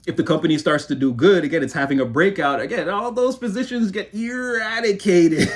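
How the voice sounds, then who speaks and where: Giggly, excitable man reading tarot. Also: sits high, moderate pace. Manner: excitable, giggly motor mouth; rambling, frequent laughter. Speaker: tarot reader. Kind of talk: casual spiritual reading.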